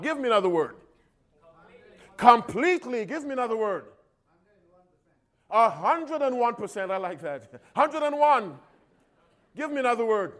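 A man preaching a sermon with a lively, animated voice that rides up and down. He swings between loud, emphatic appeals and soft, low asides in a call-and-response style.

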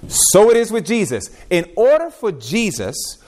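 An emphatic male preacher whose voice sits a little high and leaps around in pitch. He drops to a hush, then climbs into loud rising questions, pressing each point home. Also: very animated, a little slow. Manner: emphatic, swings from quiet to loud, rhetorical questions. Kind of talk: sermon.

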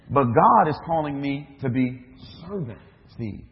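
A man's voice: mid-range voice, animated, unhurried, gravelly. A man, a minister, preaching a sermon, telling a story with acted-out dialogue and rhetorical questions. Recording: dull echoey hall recording.

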